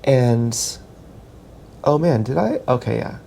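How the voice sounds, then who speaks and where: Man, vlogger, gravelly fry, mellow tone, rambling self-mocking monologue, restarts. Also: mid-range voice, animated, takes it slowly, slight background noise. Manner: meandering, self-mocking, thinks aloud with many restarts; talks while dancing.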